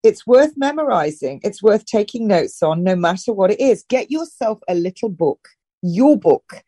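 A woman's voice: mid-range voice, expressive, dark tone, slightly rough, dry recording, clean studio sound. A middle-aged woman from northern England, a health and wellness guest, giving direct, emphatic advice in a casual interview. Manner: direct and emphatic, with brisk instructions.

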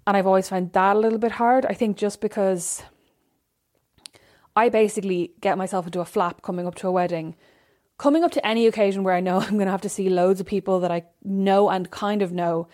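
Fast-talking chatty young woman. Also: mid-range voice, a little mellow. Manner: chatty storyteller, acts out quotes animatedly. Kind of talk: casual chat.

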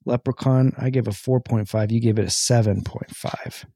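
Brief: male podcast co-host, mellow dark tone, dry sound, easygoing and halting. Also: medium pitch, steady tone, creaky, slightly rough, no echo. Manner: easygoing, reading listener names with halting fillers. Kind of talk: casual chat.

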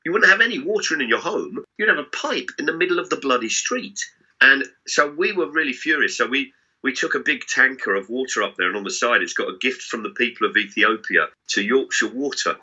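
A man's voice: mid-range voice, brisk, husky. A middle-aged man, telling comic anecdotes as a guest and swearing freely. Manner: animated, swearing storyteller. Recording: dull lo-fi sound.

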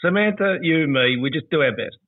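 A man's voice: a little high, lively intonation, fairly quick. A man hosting a casual sports chat, prompting his guest with questions. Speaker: host. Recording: tinny phone-like audio.

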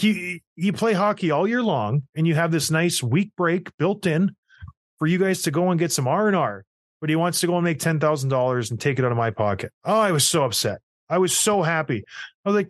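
A man in his thirties with a fairly high voice talks hockey in a loose, casual way. He rants with feeling and acts out the voices of the people in his stories. The sound is dry and close. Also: no room sound. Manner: animated, ranting storyteller who acts out quotes. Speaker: podcast host, former hockey player.

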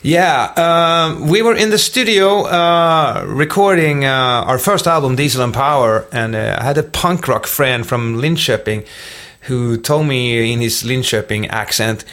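A man's voice: mid-range voice, measured pace, a bit bright. Rambling Swedish-accented man telling stories. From Sweden. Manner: rambling, many fillers and restarts. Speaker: rock musician guest. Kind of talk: casual interview storytelling.

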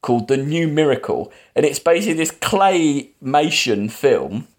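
A man hosting a podcast, casually retelling a film's plot with lots of fillers and quick acted quotes. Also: on the high side, lively intonation. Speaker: podcast host. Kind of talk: casual film discussion.

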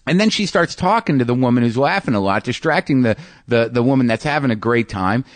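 A man, a podcast host and stand-up comedian, telling a story in a halting way, often restarting and repeating words as he searches for them. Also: medium pitch, lively intonation, no echo. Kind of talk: storytelling monologue.

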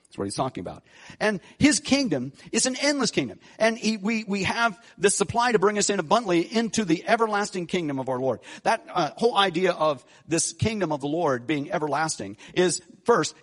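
A middle-aged man delivering a sermon from the pulpit. His voice sits a little high for a man, and he swings from quiet, thoughtful stretches to emphatic, rising declarations, often restarting phrases mid-thought. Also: sing-song, fairly quick. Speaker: pastor.

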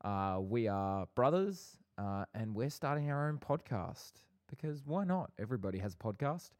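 Young man, low-pitched, podcast co-host, joking and teasing. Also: sing-song, normal speed, darkish tone. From Australia. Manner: playful, bantering, lightly sarcastic. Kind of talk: casual podcast chat.

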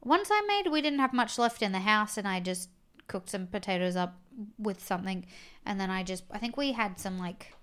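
A young Australian woman co-hosting a podcast in casual, rambling chat, often trailing into soft asides. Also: mid-range voice, expressive, normal speed, clean tone. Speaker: podcast co-host.

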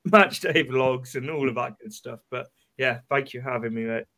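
A man guesting on a football podcast, measured and hedging with fillers. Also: medium pitch, pushed and bright. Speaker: guest, fan channel creator. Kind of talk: casual football chat.

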